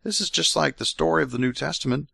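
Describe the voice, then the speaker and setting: Reading scripture in a mock-solemn voice for his podcast, a man with a fairly high, pushed, bright voice talks quickly, with vocal fry and a slight roughness. He keeps stopping for sarcastic, irreverent, mocking remarks, and the studio sound is clean with no echo.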